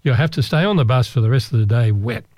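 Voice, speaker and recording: A man voicing a bus tour guide with a put-on Canadian accent, giving a slow warning. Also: medium pitch, animated, darkish tone, no echo, studio quality, close to an everyday voice.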